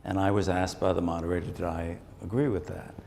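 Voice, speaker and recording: Brief: deep-voiced male journalist, measured and thoughtful, stage interview in a big echoey hall with faint room noise. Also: little pitch movement, gravelly, a little mellow. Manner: measured, repeats words while thinking. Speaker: journalist and author, interview guest. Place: conference stage.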